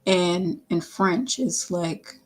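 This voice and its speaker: A woman's voice: lowish voice, extremely slow. A woman who makes music, chatting casually on a livestream, rambling with lots of fillers, self-corrections and playful asides. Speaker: singer-songwriter livestreaming her work.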